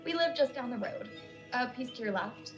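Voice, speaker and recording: A woman's voice: on the high side, expressive, normal speed, voice pushed up, natural voice, rough recording. A woman voicing a flustered, chatty nurse in her thirties who gushes apologetically, with faint music behind. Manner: gushing, apologetic, nervous laughs.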